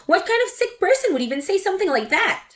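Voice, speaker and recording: A woman's voice: very high-pitched, sing-song, fast talker, soft background music. A woman reading a dramatic family story aloud in a hurt, incredulous voice. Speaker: narrator.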